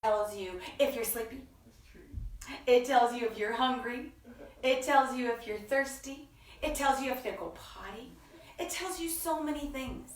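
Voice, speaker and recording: A woman hosting a children's story time, reading slowly in a playful sing-song and stretching out her words. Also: fairly high pitch, far from the mic. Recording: echoey room, voice from off-mic.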